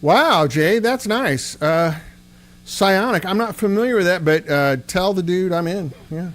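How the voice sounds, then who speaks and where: A livestream host who builds amps chats loosely with viewers in a relaxed, rambling way, answering chat with lots of filler words. His voice sits high and unhurried, and a loud electric guitar plays through an amp behind him.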